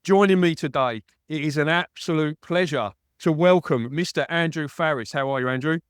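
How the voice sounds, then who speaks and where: A man's voice: fairly high pitch, moderate pace, clean tone, no echo, clean studio sound. A man from East London with an East London accent, hosting a radio interview in a chatty way, often calling his guest mate. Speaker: radio and podcast host.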